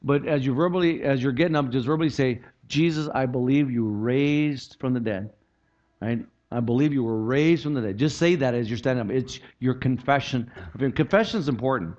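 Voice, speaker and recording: A man's voice: medium pitch, muffled recording. A male pastor preaching a sermon, quoting scripture and appealing earnestly to his congregation. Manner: preaching, animated with rising emphasis and scripture quotes.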